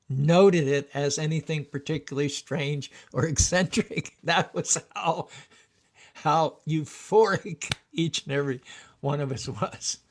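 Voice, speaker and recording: A man hosting his own show, telling a story with chuckles and then rapping a song and leading the listeners in a call-and-response chant. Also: fairly high pitch. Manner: chuckles while recalling, rhythmic chanting when rapping. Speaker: show host.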